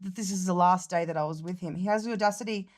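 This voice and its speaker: A young Australian woman vlogger tells a story in casual conversation, speaking quickly in a fairly low voice. She's animated and sweary, acting out what other people said by quoting them in different voices.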